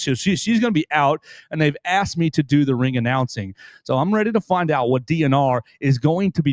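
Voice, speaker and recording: A man's voice: medium pitch, darkish tone, no echo. A man hosting a casual wrestling talk show, rambling and restarting his sentences playfully. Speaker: host.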